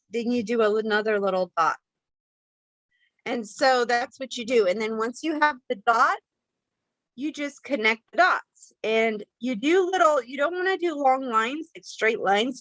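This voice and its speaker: Chatty woman with a bright, higher voice. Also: no room sound, poor audio. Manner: chatty, rambling, lots of fillers and restarts. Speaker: makeup tutorial host. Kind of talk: casual how-to demonstration.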